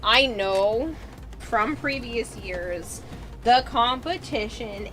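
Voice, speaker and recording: A woman's voice: medium pitch, a little slow, over music, poor audio. A woman with a Boston accent chatting casually on a livestream while crafting, rambling with lots of fillers and the odd swear. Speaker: streamer. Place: home room with an air conditioner.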